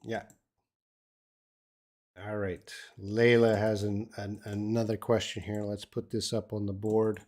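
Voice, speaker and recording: An older man with an Australian accent, an English teacher casually answering viewers' questions in a live stream lesson, with relaxed, rambling speech full of fillers and restarts. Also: fairly low pitch, a little slow.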